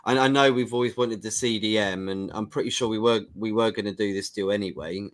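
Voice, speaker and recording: A man's voice: fairly low pitch, brisk. A man hosting a casual football podcast, speaking in a hesitant, stumbling, agreeable way. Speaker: host.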